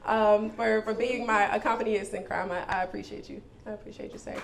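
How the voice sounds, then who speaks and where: A woman hosting a live spoken word event, talking casually and warmly to the crowd as y'all. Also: mid-range voice, fairly even intonation, brisk. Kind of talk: live stage address to an audience. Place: indoor event venue. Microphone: handheld microphone. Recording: live event with clear background noise.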